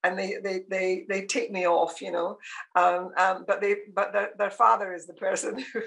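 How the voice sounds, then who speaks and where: A woman in her sixties from Scotland, telling family stories in a relaxed interview and laughing often. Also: medium pitch, moderate pace, vocal fry, low-quality recording. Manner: warm storytelling, laughs often. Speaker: guest. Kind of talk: casual interview chat.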